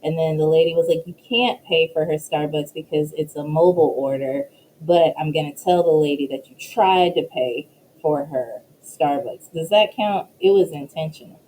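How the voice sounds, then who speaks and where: A woman professor as an interview guest, animated and laughing as she tells stories. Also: low voice, moderate pace, a little hiss or hum, low-quality recording. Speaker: professor and associate dean, guest. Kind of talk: casual interview.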